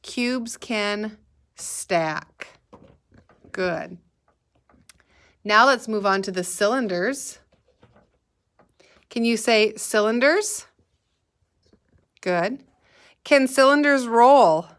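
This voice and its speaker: Slow, patient, and sing-song, a woman leads a recorded remote kindergarten math lesson, prompting the children to echo words back to her. Her voice sits on the high side with a fairly bright tone.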